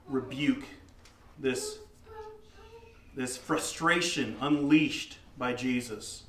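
A man preaching a sermon with emphatic delivery, sometimes acting out shouted rebukes. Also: mid-range voice. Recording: echoey room, voice from far off.

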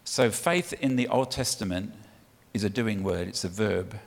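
Preacher with a gravelly low voice. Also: male voice, measured pace. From United Kingdom. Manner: conversational, punchy, coaxes the congregation to respond. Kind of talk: sermon. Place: church. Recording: long reverb of a large hall.

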